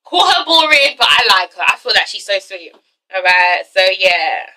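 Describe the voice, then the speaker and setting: A woman's voice: medium pitch, big pitch swings, moderate pace, sharp tone, far from the mic, slight background noise, low-quality recording. A young woman giving a blunt, swear-filled casual commentary review, often tagging her points with "okay?". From England. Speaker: reality TV reviewer.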